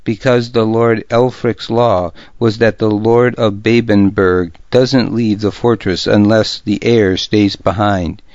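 A bitter, defiant lady of rank, read by a man in an audiobook. She speaks in a stern, sharp manner, low and slow. The recording is dry and slightly dull. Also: steady tone, no echo. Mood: scornful. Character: proud, bitter, defiant noblewoman and mother. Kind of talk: audiobook character reading.

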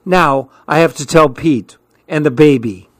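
This is a bossy, sharp-tongued older sister, a young girl who snaps insults and turns frantic, as a male storyteller puts her on. Her voice sits noticeably higher than his own. The recording is close and dry. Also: a little slow, dry recording, natural voice. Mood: tearful. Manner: snapping, then tearful and frantic.

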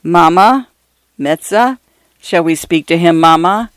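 Brief: a woman playing an entranced grieving mother in a spoken story, murmured pleas, smooth voice. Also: on the low side, takes it slowly, no room sound. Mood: pleading. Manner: murmured, pleading. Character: grieving mother in a trance, pleading.

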